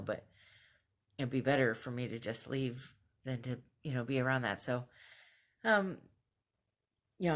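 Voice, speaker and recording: A woman records a casual video journal at home, speaking to camera in an unscripted way. She is earnest and reflective, with fillers and the odd soft laugh. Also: extremely low pitch. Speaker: vlogger. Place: at home, just out of bed.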